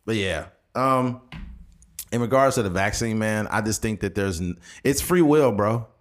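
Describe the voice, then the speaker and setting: A man's voice: lowish voice, moderate pace, fairly bright tone. A man co-hosting a casual podcast, joking and cursing through mock-outraged rants. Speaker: podcast co-host. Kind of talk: casual chat.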